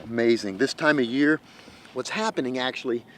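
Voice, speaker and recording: A man hosting a hunting show, giving excited outdoor commentary in the field, at times dropping to a hushed voice. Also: mid-range voice, normal speed, slight background noise.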